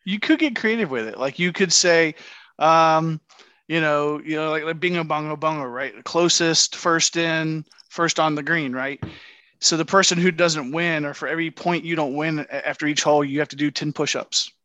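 Man, fairly high voice, podcast co-host, eager, halting, dry sound. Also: sharp tone, no echo. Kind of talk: casual chat.

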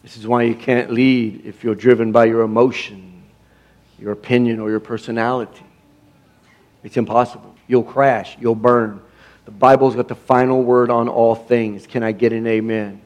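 A man's voice: medium pitch, level tone, moderate pace, a little mellow. A middle-aged man pastor preaching a sermon with emphasis, stumbling over restarts and asking the congregation for amens.

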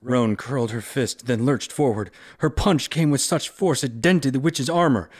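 A man on a podcast reading a story aloud in a deliberate, expressive way. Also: mid-range voice.

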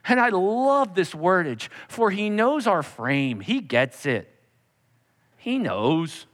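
A male pastor preaching a sermon, emphatic, dropping to a soft, intimate tone when he voices God speaking. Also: high-pitched, big pitch swings, slow pace, in a large hall.

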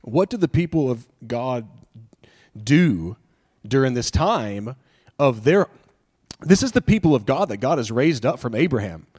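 A man's voice: medium pitch, sing-song, measured pace, long pauses, darkish tone, husky. A man preaching a sermon in an earnest, conversational way, often asking rhetorical questions and restarting his phrases. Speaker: pastor.

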